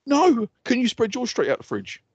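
A man's voice: extremely high pitch, wildly swooping pitch, normal speed, breathy edge, dry recording, dull audio. A man co-hosting a podcast, ranting in mock anger and swearing constantly in casual banter. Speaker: podcast co-host.

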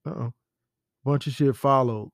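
A man's voice: medium pitch, steady tone, measured pace, no room sound, clean studio sound. A man hosting a podcast, talking in a rambling, profane, conversational way. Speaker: podcast host. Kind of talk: casual solo commentary.

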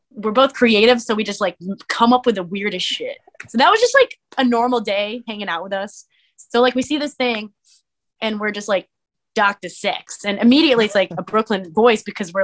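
Woman, streamer and musician, podcast guest, animated storytelling, casual chat. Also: fairly high pitch. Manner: animated storyteller, many "like" fillers.

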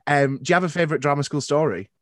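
A man's voice: a little high, racing. A man hosting a podcast, chatting playfully with lots of fillers. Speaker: podcast host. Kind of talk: casual interview chat.

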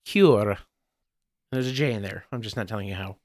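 A man's voice: on the low side, normal speed. A man co-hosting a casual podcast, running a word-guessing game and teasing the others. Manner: playful, teasing quiz-master. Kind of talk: casual chat.

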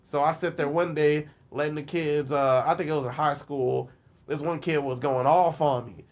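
A man as a podcast guest, telling stories in a casual, animated, profane way and acting out other people's voices. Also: fairly high pitch, moderate pace. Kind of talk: casual storytelling. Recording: lo-fi podcast audio.

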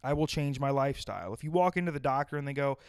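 Podcast host, male, mid-pitched, blunt provocative monologue, very dry booth sound. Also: animated, fast talker, clean tone, no room sound. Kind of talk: casual opinion monologue. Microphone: close podcast microphone.

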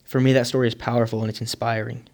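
A man telling a moving story in a sermon, measured and earnest, with dramatic pauses. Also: medium pitch, little pitch movement, gravelly, a little mellow. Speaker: speaker.

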